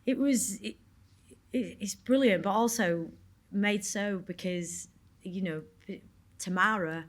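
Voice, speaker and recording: On stage at a cinema event, an actor on a panel gives candid Q&A answers in a Yorkshire accent, speaking frankly, rambling, and swearing casually. Her voice is lowish with a fairly bright tone.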